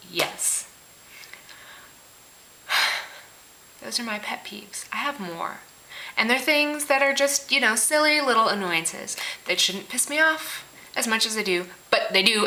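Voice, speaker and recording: Blunt, bright-voiced woman ranting. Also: fairly high pitch, animated, unhurried, pauses often, slight background noise, low-quality recording. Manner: blunt, profane, sarcastic ranting; mocks others in meek put-on voices. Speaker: vlogger. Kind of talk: casual ranting vlog.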